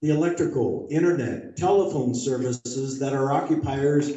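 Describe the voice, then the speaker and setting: A man delivering a prepared statement at a community meeting, measured and deliberate, making forceful demands. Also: mid-range voice. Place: large community meeting hall. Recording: dull, echoey hall recorded from far off.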